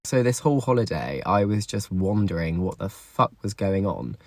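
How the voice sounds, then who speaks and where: Emotional young man, husky and low. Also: very animated, normal speed. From England. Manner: emotional, swearing, confessional. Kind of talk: candid storytelling to camera.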